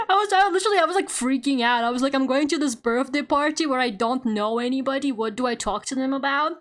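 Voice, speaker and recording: Young woman streamer, high bright voice, loose swearing chatter, soft music under. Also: fairly quick. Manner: animated, swearing, laughing, reading chat aloud. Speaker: VTuber art streamer. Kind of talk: casual stream chat. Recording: faint music behind. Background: faint background music.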